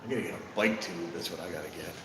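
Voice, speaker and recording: A somewhat low-voiced man talks casually to his viewers as he walks outdoors, a little out of breath. Rain and passing trains make clear noise behind him. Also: racing. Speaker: livestreamer filming trains. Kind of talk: casual live-stream commentary. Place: outdoor train station platform and footbridge in rain.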